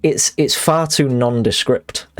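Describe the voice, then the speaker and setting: A young man streaming a game live and chatting as he plays, rambling and self-mocking with many restarts. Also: fairly low pitch.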